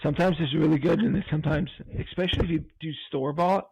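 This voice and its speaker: A man's voice: fairly high pitch, quick pace, gravelly, a little mellow, breathy edge, no echo, dull audio. A slightly drunk man co-hosting a podcast, joking and teasing in casual chat. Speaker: podcast co-host.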